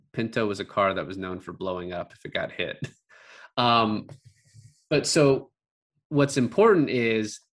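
A man casually talking through a film's plot and favorite scenes, animated and swearing for emphasis as he acts out lines. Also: lowish voice. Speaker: podcast co-host discussing a film. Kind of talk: casual conversation.

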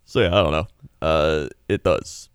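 Deep-voiced man in halting casual chat. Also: smooth, no echo, clean studio sound. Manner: halting, with many fillers and restarts. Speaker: podcast co-host.

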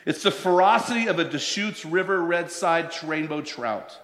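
A man in his fifties, a pastor preaching a sermon who tells stories and slows down to stress scripture lines. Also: on the high side, lively intonation, fairly bright tone. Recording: echoey hall, long reverb.

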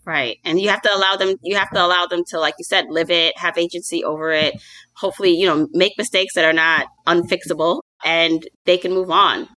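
A woman co-hosting a casual conversation, telling quick anecdotes with a laugh. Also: fairly low pitch, fairly even intonation, sharp tone, no echo. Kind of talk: casual chat.

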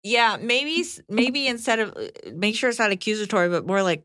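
A woman co-hosting an advice podcast, talking in a measured, reflective way that hedges her points. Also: medium pitch, fairly bright tone, dry recording, clean studio sound. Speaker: podcast co-host. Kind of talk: casual advice chat.

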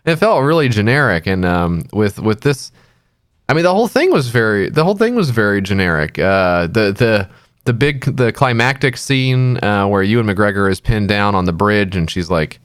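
A man's voice: fairly low pitch, sing-song, normal speed, clean tone, no room sound, clean studio sound. Sarcastic man in casual podcast chat. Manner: sarcastic, jokey, acts out quotes in silly voices. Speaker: podcast co-host. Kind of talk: casual movie review chat.

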